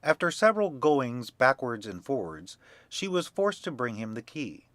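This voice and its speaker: Bright-voiced male storyteller. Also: medium pitch, no echo. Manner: measured, expressive reading. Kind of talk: scripted narration of a fairy tale for children.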